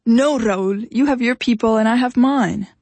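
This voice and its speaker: A woman's voice: on the high side, moderate pace, darkish tone, breathy edge, dry recording. A woman voicing a blunt, fed-up young woman who speaks curtly and with exasperation, in an audiobook reading. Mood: exasperated. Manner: curt, exasperated, raised voice.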